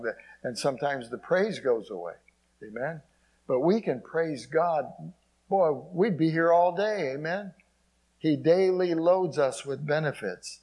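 A man's voice: a little high, lively intonation, unhurried, darkish tone, low-quality recording. A man preaching a sermon, quoting scripture and dropping in frequent amens. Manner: preaching with frequent "amen" asides and scripture quotes. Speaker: pastor.

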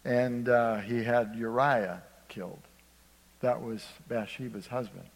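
A man's voice: mid-range voice, steady tone, takes it slowly, gravelly, long reverb tail, poor audio. A man preaching a sermon, telling a folksy story, acting out voices and calling on the congregation for amens. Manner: storytelling, acts out voices, asks congregation for response.

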